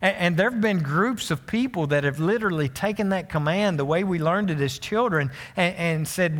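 A man's voice: sits high, moderate pace, hardly any pauses, fairly bright tone, in a large hall. A man preaching a sermon as pastor, telling stories in a folksy way with many restarts and asides to the congregation. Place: church sanctuary.

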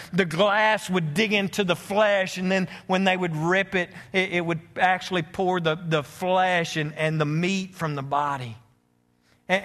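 A pastor preaches a sermon in a high, bright voice full of earnest conviction, often stumbling and restarting mid-phrase. When he reaches his gravest points, he drops lower and quieter.

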